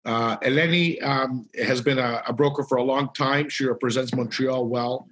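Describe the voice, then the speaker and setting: A man co-hosting a real estate livestream over a video call, talking in an upbeat, quick way with a few restarts. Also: mid-range voice, level tone, a bit bright. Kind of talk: casual webcast talk.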